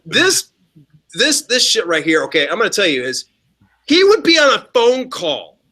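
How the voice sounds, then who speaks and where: A man's voice: high-pitched, huge pitch swings, moderate pace, bright, forceful tone. A man co-hosting a casual podcast, telling stories animatedly with lots of swearing and mimicked quotes. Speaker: podcast co-host.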